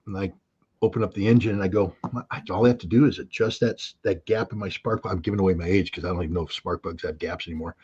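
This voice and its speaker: An older American man giving heated, sarcastic political commentary that rises to near shouts. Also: on the low side, husky, lo-fi sound. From United States. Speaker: guest commentator.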